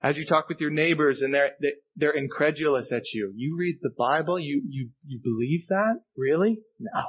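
A man's voice: on the high side, moderate pace, hardly any pauses, husky, dull audio. A male pastor preaching a sermon, earnest and emphatic, repeating key phrases for weight. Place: church sanctuary.

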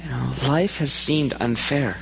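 A man's voice: mid-range voice, unhurried, gravelly, fairly bright tone, long reverb tail, a little hiss or hum, poor audio. A man preaching a sermon in a church, earnest and asking the congregation questions. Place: church sanctuary.

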